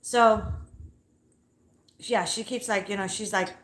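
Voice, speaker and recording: Slow and fairly bright, her mid-range voice keeps a fairly even intonation as this livestream host rants from home. She recounts a story in a fired-up, blunt, foul-mouthed way, dogs close by, and the recording sounds roomy and echoey.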